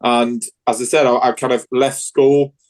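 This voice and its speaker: A man's voice: mid-range voice, flat delivery, normal speed, darkish tone, poor audio. A man with a Northern English accent, a guest in a casual interview, talking frankly with many restarts. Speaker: guest, Paralympic judoka.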